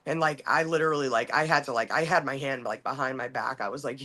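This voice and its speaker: Bright-voiced woman telling a profane story. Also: sits low, a little fast, few pauses. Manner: profane, rambling, with many restarts. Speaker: podcast host. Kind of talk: casual storytelling chat.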